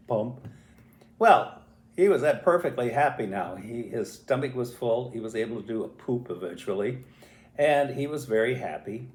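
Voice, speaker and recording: An older man tells a family story in a casual, animated way, putting on voices and little sound effects as he goes. His voice sits at a middling pitch for a man. The recording has a roomy echo around it.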